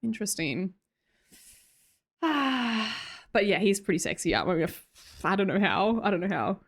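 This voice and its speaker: A woman's voice: mid-range voice, sing-song, normal speed. A young Australian woman hosting a livestream, chatting casually, reading viewer comments aloud and laughing often. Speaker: livestream host.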